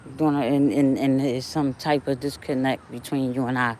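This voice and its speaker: An older woman talking casually to her viewers while she walks outdoors, with a chatty and animated manner. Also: very deep voice, normal speed. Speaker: vlogger. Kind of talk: casual walking vlog. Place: outdoors on a neighborhood walk. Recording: faint outdoor noise.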